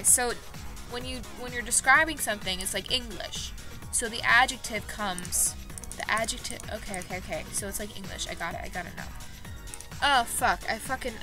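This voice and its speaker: A woman vlogging in a casual commentary style, excitable and self-mocking, reacting quickly as she plays. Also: fairly high pitch. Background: background music.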